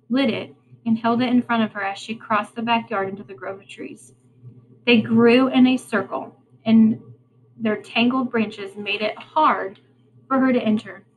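A woman's voice: fairly high pitch, a little hiss or hum, rough recording. A woman reading a storybook aloud to children with expression, stopping to ask them questions. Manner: expressive, prompting listeners to think.

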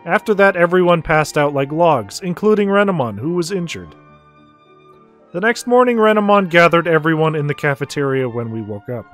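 A man's voice: a little high, expressive, moderate pace, a bit bright, soft background music. A man streaming a video game, casual and wry, with offhand swearing and asides. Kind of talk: casual gameplay commentary.

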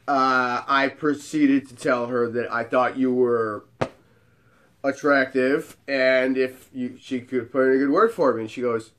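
A man's voice: mid-range voice, measured pace, fairly bright tone. A man in his twenties, a bartender telling a story in a casual way and acting out the dialogue. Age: 20s.

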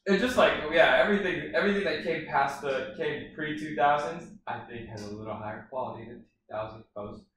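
A man's voice: on the high side, a bit bright. A man in his twenties, co-hosting a podcast and arguing his point emphatically in casual chat. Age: 20s. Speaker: podcast co-host. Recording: roomy and distant, faint hum.

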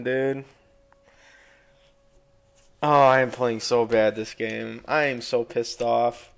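Frustrated young man with gravelly voice. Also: medium pitch, flat delivery, takes it slowly, long pauses. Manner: frustrated, swearing, exclaiming. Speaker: gameplay streamer. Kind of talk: live gameplay commentary.

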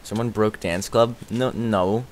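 A man streaming a game live, rambling excitedly, answering chat and thanking viewers as he plays. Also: on the low side, measured pace, a little hiss or hum. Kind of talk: live gaming stream chatter.

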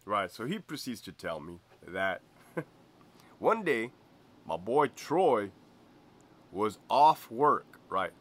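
A man's voice: medium pitch, a bit bright. A man who used to be a prison officer telling a story casually, slangy and profane, laughing often.

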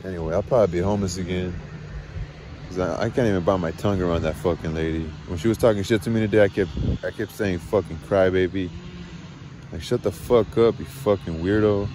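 A man's voice: low voice, steady tone, fast talker, background noise. A man in a rambling, profane monologue, venting agitatedly about family and work. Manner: rambling, frequent swearing, agitated. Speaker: vlogger.

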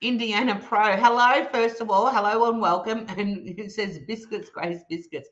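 Australian woman host, casual live-stream chat, playful and teasing, bright sharp tone, slightly dull lo-fi audio. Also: mid-range voice, normal speed. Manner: playful, teasing, animated, laughs often. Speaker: livestream host reading chat.

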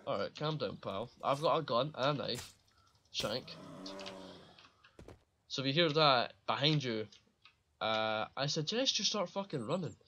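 A man's voice: mid-range voice, a bit bright, highs cut off, a little hiss or hum. A man giving casual commentary while playing a survival game, rambling and swearing freely and laughing at his own slips. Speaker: gaming channel host.

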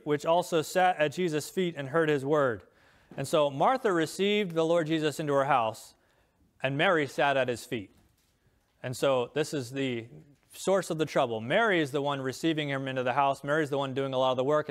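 A middle-aged man preaching a sermon as pastor, earnest, reading scripture aloud and rising in voice on key lines. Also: on the high side.

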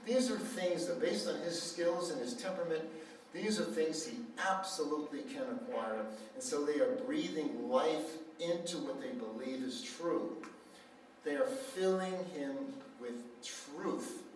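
A man's voice: fairly high pitch, unhurried. A man preaching at a healing center, telling a story and acting out the dialogue. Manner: animated storyteller, acts out quoted dialogue. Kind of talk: sermon with storytelling. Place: church hall. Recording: echoey hall, mic far off, faint noise.

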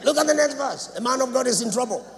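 A man preaching a sermon in a church, dramatic, swinging between loud shouts and low asides. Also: expressive, fast talker, a faint crowd. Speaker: apostle preaching. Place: church sanctuary. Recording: reverberant church hall, faint background noise.

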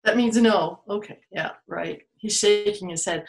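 A woman hosts a children's museum storytime, told to camera in a video made for online viewing, with faint music in the background. Her mid-range voice is gravelly and a little slow, and she's playful, full of exaggerated exclamations.

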